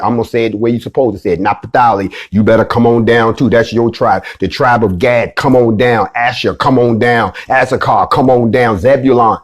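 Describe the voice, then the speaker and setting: A man hosting an online class, preaching with fire, repeating his call-outs and swinging from loud high bursts to low hushed drops. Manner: emphatic, repetitive, rallying the listeners with call-outs. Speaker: host and teacher of an online class series. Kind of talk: fiery preaching lecture.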